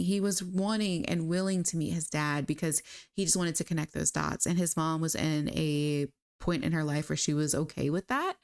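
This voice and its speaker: A woman's voice: sits low, clean tone. Chatty woman narrating a life-sim story. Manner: chatty, animated, with frequent fillers. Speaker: gaming creator.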